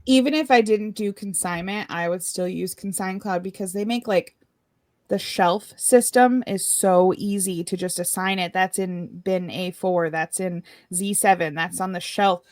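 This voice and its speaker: A woman's voice: fairly low pitch, unhurried, dry recording, studio quality. A woman co-hosting a podcast, talking in a friendly, giggly, casual way. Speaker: podcast co-host. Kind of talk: casual chat.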